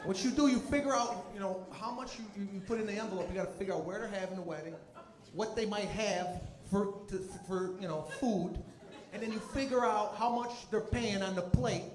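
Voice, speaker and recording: High-voiced comedian shouting punchlines onstage. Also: male voice, brisk. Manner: animated, shouting punchlines, crowd work. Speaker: stand-up comedian. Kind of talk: stand-up comedy set. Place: live comedy stage before an audience. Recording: echoey venue with loud crowd noise.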